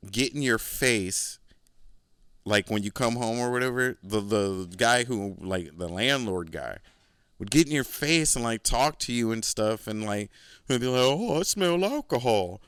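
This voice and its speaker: A man's voice: on the low side, lively intonation, slow, pauses often, fairly bright tone, clear, resonant tone, no room sound, studio quality. A man hosting his own podcast, telling a long story in a rambling, profane way with lots of "like" fillers and boastful asides. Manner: rambling and profane, heavy use of "like"; laid-back, boastful asides. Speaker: podcast host. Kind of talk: casual storytelling monologue.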